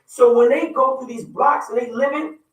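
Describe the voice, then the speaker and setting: A man's voice: extremely high pitch, normal speed, reverberant, distant mic, rough recording. A man with a Baltimore accent co-hosting a radio talk show, speaking passionately and building to emphatic points like a preacher. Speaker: radio show co-host and youth mentor.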